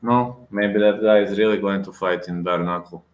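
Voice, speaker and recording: This MMA reaction vlogger delivers a heated, casual rant in a fairly low, fairly flat voice at a moderate pace. He keeps repeating himself for emphasis, and his speech is riddled with restarts and hesitations. The recording is very noisy, with an echoey room sound.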